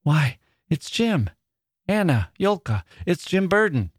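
A man reading aloud and voicing a hard-worked prairie farm woman, husky and breathy, who calls out in eager, startled exclamations. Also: on the high side, big pitch swings, slow pace, no room sound, clean studio sound, voice pushed up, exaggerated voice. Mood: excited, alarmed.

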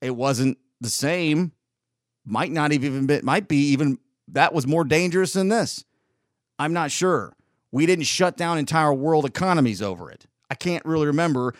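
A man's voice: fairly high pitch, lively intonation, moderate pace, no echo, clean studio sound. A man, rambling through an opinionated casual monologue as a podcast host. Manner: rambling, opinionated, with frequent restarts.

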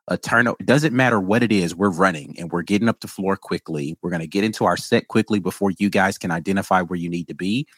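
A man's voice: sits low, dry recording. A man co-hosting a casual sports podcast, opinionated and often stumbling over his words. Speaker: podcast co-host.

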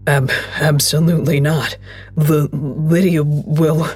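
Woman reads wounded father, slow and husky, teeth chattering, stammers every few words. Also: rumbling low, steady tone, a little mellow, no echo, faint music behind, pitched below the performer's own voice, heavily acted. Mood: shivering, stubborn. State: shivering, weak. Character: injured father in shock, shivering, stammering.

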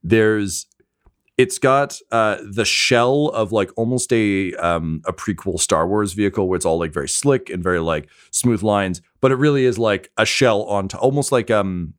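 A man's voice: on the low side, normal speed. A man narrating a tabletop game as game master, hesitant and full of filler words.

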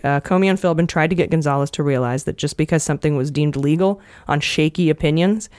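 A woman's voice: low-pitched, quick pace, a little mellow, dry recording. Woman podcast host, earnest storyteller, dry close mic. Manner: earnest storyteller, emotional at times. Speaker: podcast host recounting a book. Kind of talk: casual podcast chat, reading passages aloud.

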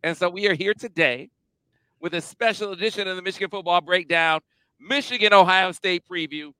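A man hosting a casual sports show in an energetic, emphatic, playful style on a close mic. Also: sits high, fairly quick, clean tone, no room sound. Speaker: podcast host.

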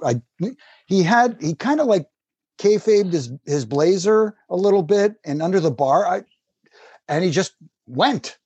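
Husky man telling rambling stories. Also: high voice, animated, measured pace, a little mellow, dry recording, dull audio. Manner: rambling anecdotes with restarts and laughter. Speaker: former wrestling referee. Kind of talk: casual storytelling.

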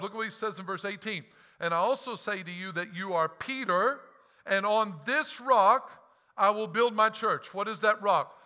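With a high-pitched voice, a pastor delivers a fervent sermon, swinging between loud outbursts and hushed asides. He acts out quoted lines, breaking into bursts of laughter.

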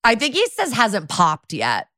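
A woman's voice: medium pitch, huge pitch swings, a little slow, pushed and bright, dry recording, studio quality. A woman co-hosting a podcast, chiming in with amused asides in casual chat. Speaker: podcast co-host.

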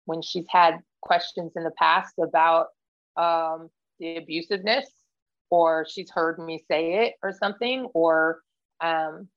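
A woman's voice: on the low side, dull audio. A woman guest in a casual interview, speaking candidly and earnestly, with frequent fillers and restarts. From United States. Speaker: podcast guest, Marine veteran.

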